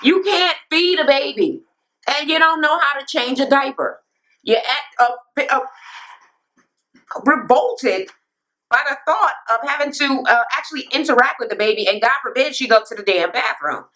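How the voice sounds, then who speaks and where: A woman's voice: high voice, moderate pace. A woman in her thirties hosting a reality TV recap, ranting casually with lots of profanity and sass. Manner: profane, sassy, animated ranting. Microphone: camera mic.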